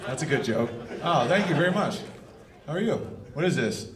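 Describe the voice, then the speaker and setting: A man performing a brash stand-up comedy set on a club stage, bursting into loud shouted bits. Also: fairly high pitch, animated, a little fast, very noisy.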